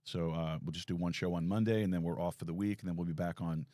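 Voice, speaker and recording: A man's voice: low-pitched, steady tone, fast talker, warm tone, no echo. A man hosting a live talk show from a small studio, telling a rambling self-deprecating story with many restarts.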